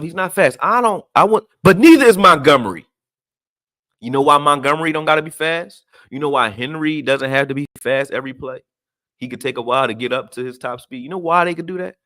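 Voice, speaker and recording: A man's voice: mid-range voice, fairly bright tone. A man ranting casually about football, blunt and profane, full of slang and rhetorical questions. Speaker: sports commentator.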